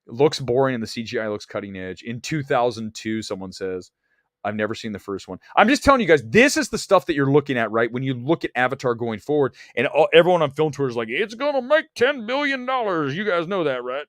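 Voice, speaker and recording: A man's voice: medium pitch, lively intonation, fast talker, no echo, clean studio sound. A man hosting a livestream about movies, talking bluntly and teasing his chat. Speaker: livestream host.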